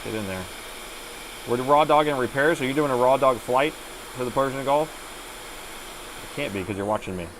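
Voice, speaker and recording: A middle-aged man talks through a laptop board repair on a live stream, easygoing and joking with his viewers. His voice sits at an ordinary middle pitch, with a faint hiss behind it. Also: a little fast, pauses often. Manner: joking with chat, narrating his repair steps. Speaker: laptop repair livestream host. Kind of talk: casual live-stream chat while working.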